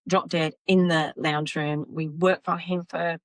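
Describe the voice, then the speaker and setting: A psychic medium appearing as a podcast guest tells casual stories, animatedly acting out the voices of the people in them. She has a deep voice and an unhurried pace. The recording is dry and low in quality.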